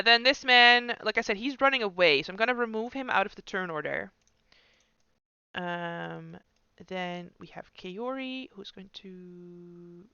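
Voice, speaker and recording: A man running a tabletop game as game master, chatting in a relaxed way. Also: sits high, vocal fry, clean tone, dry recording, dull audio. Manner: relaxed, chatty, puts on quick voices for figures.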